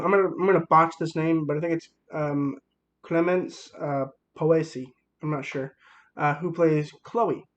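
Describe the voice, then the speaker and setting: A young man with a somewhat high voice talks through a movie review in a casual, rambling way, full of fillers and excitement. The recording sounds a bit dull and lo-fi.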